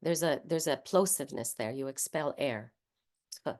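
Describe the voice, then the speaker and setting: A woman with a Spanish accent, speaking in a slightly low voice. She leads an online voice workshop over a video call. She explains each point patiently and sounds the consonants and vowels out loud as she goes. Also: moderate pace. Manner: explains patiently, demonstrating speech sounds aloud. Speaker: voice workshop leader.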